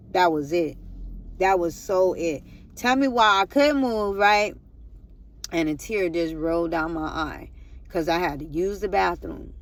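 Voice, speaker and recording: Woman vlogger, rambling testimony storyteller who addresses the audience directly. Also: lowish voice. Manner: rambling, repeats "I'm like", talks straight to viewers.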